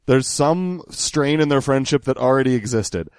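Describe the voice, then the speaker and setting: A man from Missouri talks in a casual podcast chat, joking and arguing his point. His voice sits at an ordinary middle pitch. The sound is dry and close. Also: animated, moderate pace, darkish tone, smooth, dry recording.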